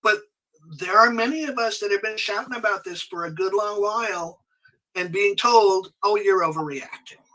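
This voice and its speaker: A man guesting on a podcast who tells a story in a conversational way, animated and often restarting his sentences. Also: high voice, normal speed, rough recording. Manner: animated, frequent restarts and self-corrections.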